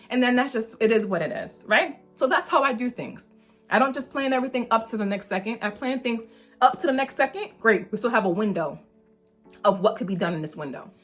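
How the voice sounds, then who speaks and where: A mother hosting her own channel, telling a storytime with emphatic, animated delivery and frequent "like". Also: a little high, fairly quick, faint music behind. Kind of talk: storytime vlog.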